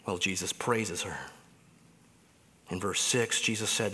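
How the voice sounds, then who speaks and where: A man preaching a sermon, swinging between loud emphatic lines and hushed low phrases. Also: takes it slowly. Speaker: pastor. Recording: long hall reverb.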